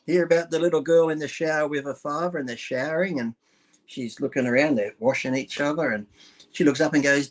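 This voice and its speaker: A man's voice: mid-range voice, steady tone, quick pace. An Australian man in his fifties, a guest trading irreverent crude jokes in casual banter. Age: 50s. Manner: irreverent, tells dirty jokes with put-on character voices.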